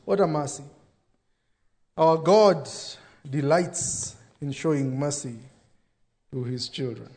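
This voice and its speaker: A pastor preaching a sermon, dropping into quoted voices for emphasis. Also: male voice, a little high, lively intonation, slow, pauses often, a little mellow.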